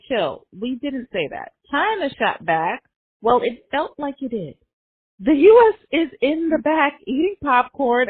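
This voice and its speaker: A woman's voice: high voice, no echo. A woman podcast host giving a comedic news roundup, sarcastic and laughing between jokes. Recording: tinny phone-like sound.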